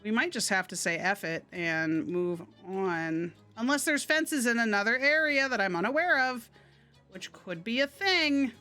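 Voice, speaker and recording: Bright-voiced woman streaming a game. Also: fairly high pitch, expressive, unhurried, soft background music. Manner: chatty, muttering and laughing to herself. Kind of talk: casual game-streaming commentary.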